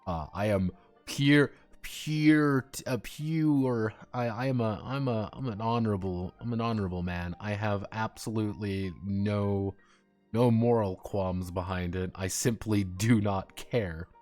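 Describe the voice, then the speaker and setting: Blunt, rambling low-voiced man. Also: measured pace, darkish tone, faint music behind. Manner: blunt, rambling, frequent restarts and laughs. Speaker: streamer. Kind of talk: casual stream chat.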